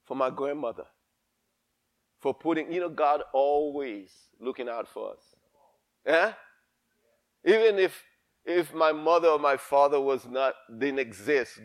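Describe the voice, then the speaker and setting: A middle-aged man preaching a sermon, fervent and repetitive, calling the congregation to respond. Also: mid-range voice.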